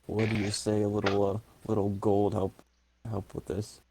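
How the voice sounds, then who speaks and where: A man with a somewhat low voice plays his turn in a tabletop game. He talks hesitantly, fills gaps, cracks jokes and swears casually. His tone is relaxed table chatter. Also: moderate pace, background noise. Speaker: player.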